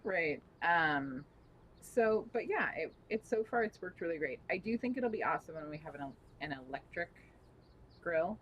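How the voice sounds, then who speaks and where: A woman chatting casually as a co-host on a live stream, relaxed with short replies. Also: fairly low pitch, normal speed, highs cut off, a little hiss or hum.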